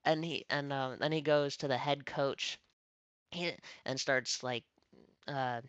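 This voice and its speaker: A man's voice: medium pitch, slow pace, smooth, dry recording. A young man chatting casually and telling a story, acting out what others said. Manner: animated, mimics others in quoted lines.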